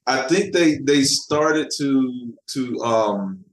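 A man's voice: mid-range voice, animated, drawn-out words, slight background noise. A man, a comic book writer, chatting casually as a podcast guest and often repeating words as he finds his thought. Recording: echoey room.

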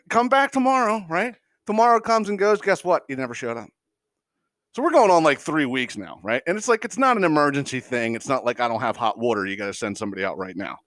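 A man's voice: on the high side, fairly bright tone, no room sound, studio quality. A man hosting a podcast, telling a long story in a casual, profane, exasperated way and laughing as he goes. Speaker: podcast host.

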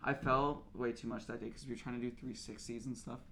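A man's voice: mid-range voice, steady tone, fast, creaky, noisy background. A young man co-hosting a podcast, chatting casually and explaining things at length with many restarts. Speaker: podcast co-host. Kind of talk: casual chat.

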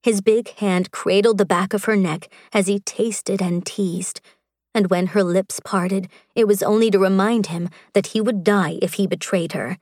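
A woman reading an audiobook in a measured, sensual storytelling style. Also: medium pitch, steady tone, darkish tone, no room sound, clean studio sound. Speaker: audiobook narrator. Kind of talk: scripted narration.

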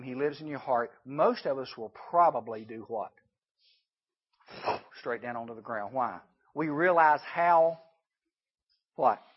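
A man preaching a sermon to junior high students, asking rhetorical questions and dropping into quiet asides. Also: slightly rough, highs cut off. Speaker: youth speaker.

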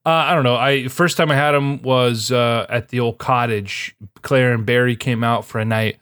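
A man's voice: mid-range voice, steady tone, normal speed, a bit bright, clean tone, dry recording, studio quality. Man chatting in a mock Minnesota accent. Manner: joking, drifts into a put-on folksy accent calling everyone bud. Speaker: podcast co-host. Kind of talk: casual chat.

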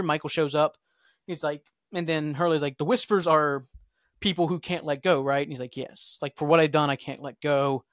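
On a podcast, a man rambles through a TV episode recap, griping and paraphrasing scenes loosely. He talks a little fast in a fairly bright, high-leaning voice with fairly even intonation, recorded at studio quality with no room sound.

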